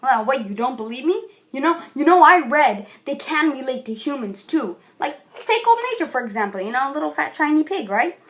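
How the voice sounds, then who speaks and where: A chatty female reviewer talking through a book in a casual video, rambling with plenty of "you know"s. Her voice sits a little high. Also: very animated, fairly quick, hardly any pauses, a bit bright. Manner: rambling, chatty, many fillers.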